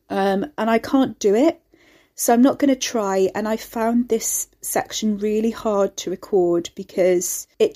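A woman who hosts and narrates a serialized story podcast, chatty and apologetic in her asides and steady when reading. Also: medium pitch. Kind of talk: reading fiction aloud, with casual intro chat.

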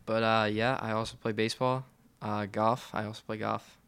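A man's voice: on the low side, little pitch movement, moderate pace, gravelly, fairly bright tone, smooth. A teenage boy on a school podcast in a classroom, making brief, dry remarks. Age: late teens. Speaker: podcast co-host. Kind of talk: casual chat.

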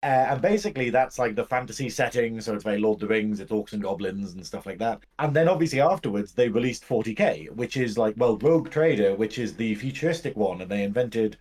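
A man's voice: fairly low pitch, expressive, fast talker, hardly any pauses, a little mellow. A man, a podcast guest chatting casually, joking and drifting into silly tangents.

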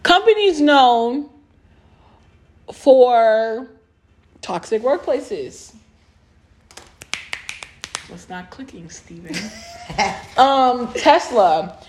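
A woman's voice: fairly high pitch, very animated, extremely slow, long pauses, a little mellow. Blunt conversational woman co-host. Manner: blunt, conversational, reads out facts. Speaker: podcast co-host. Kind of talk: casual chat.

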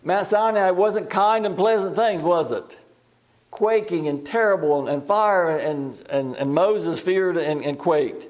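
Higher-voiced man preaching a sermon. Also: measured pace, a little mellow, dull audio. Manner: reads scripture aloud and asks the listeners questions; repeats words and restarts phrases. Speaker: pastor.

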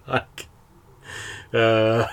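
An English man of middle pitch, speaking as a podcast guest. He chats casually, laughing often and filling pauses with "like" and "you know". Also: creaky, a bit bright. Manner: laughs often, with many fillers. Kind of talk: casual chat.

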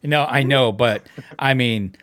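A man's voice: medium pitch, slow. A man hosting a casual podcast, ranting about politics with plenty of swearing and frequent laughs. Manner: animated, profane ranting, laughs often. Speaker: podcast host.

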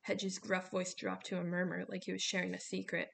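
A woman narrating a novel as an audiobook in a steady storytelling manner. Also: fairly low pitch, fairly quick, creaky, hardly any pauses, slight background noise.

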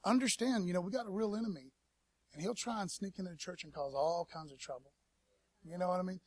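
A pastor preaching a casual sermon at a church service, in a laid-back, slangy way and calling on the congregation to respond. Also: male voice, high voice, quick pace, dry recording. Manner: laid-back slangy preaching, peppered with "man" and "you know what I mean"; calls for audience response.

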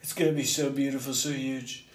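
A man's voice: mid-range voice, level tone, a little fast, roomy sound, lightly acted. A man doing a comic impression of a boastful male president, stretching out his superlatives.

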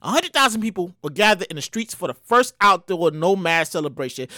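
A man giving casual news commentary in an animated way, swearing, stammering and restarting, with sudden loud mock exclamations. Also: sits high, brisk, hardly any pauses.

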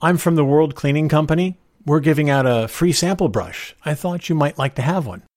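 A man voicing an anxious, earnest young man who speaks in a nervous, halting way. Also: a little high, darkish tone, dry recording, studio quality, pitched above the performer's own voice, natural voice. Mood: nervous polite.

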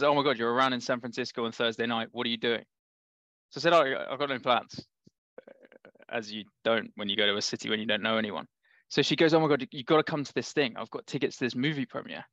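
A man with a London accent tells a lively anecdote as a podcast guest, laughing as he goes. His voice sits at an ordinary pitch. The sound is dry and close. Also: dry recording, highs cut off. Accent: London English. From England. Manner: animated anecdotal, laughs often. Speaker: startup founder guest. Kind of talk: casual podcast storytelling.

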